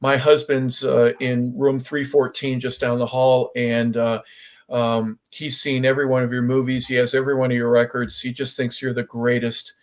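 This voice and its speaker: A man's voice: medium pitch, level tone, normal speed, lightly acted. A man voicing a grateful, hesitant woman who apologizes as she speaks to a visitor in a hospital. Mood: apologetic.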